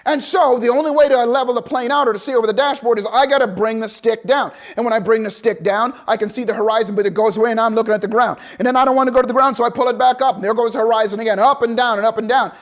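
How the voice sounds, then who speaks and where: A man teaching a motivational seminar, telling a story with lively acted-out dialogue and swings between loud bursts and hushed, calm passages. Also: extremely high pitch, racing, few pauses. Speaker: motivational coach.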